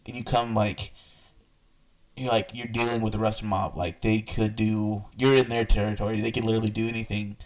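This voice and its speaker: Rambling low-voiced reaction host man. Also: little pitch movement, fairly quick, distant mic, low-quality recording. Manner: rambling, full of fillers and restarts. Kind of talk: casual reaction commentary.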